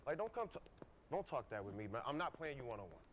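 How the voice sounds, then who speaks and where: Fast-talking man, confrontational banter. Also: mid-range voice, big pitch swings, a little hiss or hum. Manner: confrontational trash talk, fillers of "like". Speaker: podcast co-host. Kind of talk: casual couch podcast banter. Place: studio couch.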